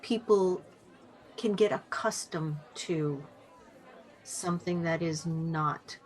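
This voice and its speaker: A woman's voice: fairly low pitch, takes it slowly, a faint crowd, low-quality recording. A woman speaking thoughtfully on a podcast, starting and restarting her sentences and agreeing readily. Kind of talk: conversational podcast chat.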